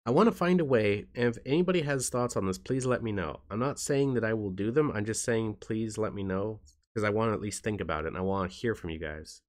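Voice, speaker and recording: Soft-spoken tired man, low voice. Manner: soft-spoken, halting, with frequent restarts. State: tired and in pain. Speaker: YouTuber. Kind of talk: casual talk to camera.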